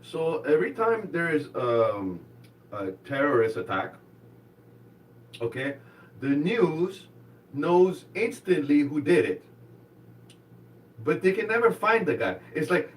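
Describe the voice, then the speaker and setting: A man doing a live stand-up comedy set on a club stage, rambling and halting, then rising to excited shouts in his stories. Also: fairly high pitch, far from the mic, poor audio.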